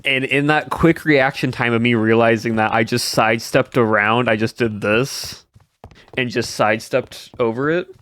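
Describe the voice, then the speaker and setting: A man's voice: medium pitch, fairly even intonation, moderate pace, fairly bright tone. A young man streaming, chatting casually with his viewers in a rambling way and answering their comments as he goes. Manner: rambling, answers chat between stories. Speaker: livestreamer.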